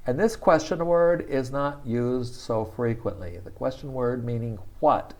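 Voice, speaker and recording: A man giving a casual spoken language lesson, thinking aloud with frequent fillers and repeating words slowly for practice. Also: medium pitch. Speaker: language teacher.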